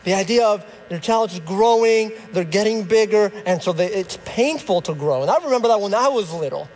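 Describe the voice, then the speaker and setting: A man's voice: sits high, expressive, brisk, darkish tone. A young adult man, a youth director, preaching a sermon in a personal, conversational storytelling way. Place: church sanctuary. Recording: long reverb of a church hall.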